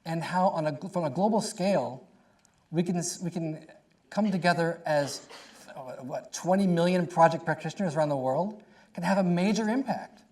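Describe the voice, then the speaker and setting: A middle-aged man talks on a panel. He speaks conversationally and tells animated stories with quick asides. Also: fairly high pitch.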